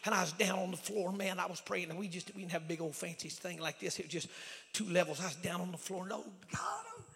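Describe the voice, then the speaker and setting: A high, bright-toned man preaching a revival sermon. His voice is gravelly and husky, shouting one moment and dropping to a near hush the next. A long church reverb trails every phrase. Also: steady tone, fast. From Oklahoma. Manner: swings from shouted exhortation to hushed storytelling. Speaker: evangelist. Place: church sanctuary.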